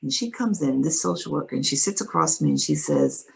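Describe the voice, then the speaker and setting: A woman's voice: low voice, wildly swooping pitch, fast, vocal fry, poor audio. A middle-aged woman, an interview guest and author, earnestly recounting a personal faith story with quoted dialogue.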